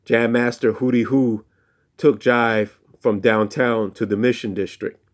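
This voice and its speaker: A man telling a playful story in a slow, hushed, deliberate way, with call-and-response chants. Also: mid-range voice, little pitch movement. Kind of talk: spoken children's storytelling.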